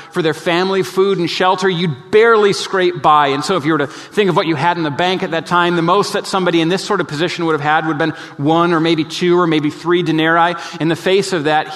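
A man delivers a sermon as pastor in a somewhat high voice, earnest and emphatic. He leans into his points and then falls to a soft, low tone to press them home. A long reverb from a large sanctuary trails after each phrase.

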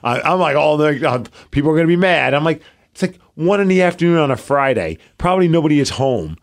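Gravelly guy rambling thru a podcast story, voice bounces up and down a lot, says like constantly. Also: a little high, quick pace. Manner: rambling storyteller, animated, many "like" fillers. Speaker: podcast co-host. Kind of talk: casual chat.

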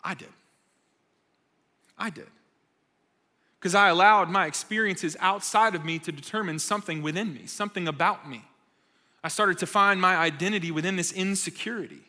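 Brief: male youth speaker, high register, storytelling sermon with jokes, reverberant church hall. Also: moderate pace, long pauses, sharp tone. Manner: conversational storytelling, emphatic, self-deprecating humor. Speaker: speaker at a young adults' church gathering.

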